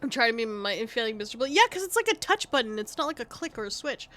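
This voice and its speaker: A young woman streaming a game, rambling and swearing while she chats with viewers, sniffly and clearing her throat. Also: very animated, fast, few pauses, a bit bright, no echo. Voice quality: high, youthful voice she calls cute. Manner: rambling, swears often, reacts to chat. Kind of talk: casual game stream chat.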